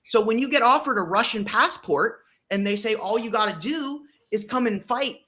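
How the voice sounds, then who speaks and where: A man's voice: extremely high pitch, moderate pace, sharp tone. A man in casual podcast discussion, talking emphatically with frequent fillers and blunt profanity.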